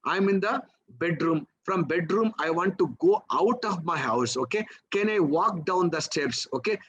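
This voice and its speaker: Dull audio captures a memory trainer whose voice sits high, expressive and a bit bright, with a breathy edge and moderate pace. Speaking with an Indian English accent in a live teaching session, he coaxes his class through rhetorical questions, dropping "okay?" and "right?" throughout.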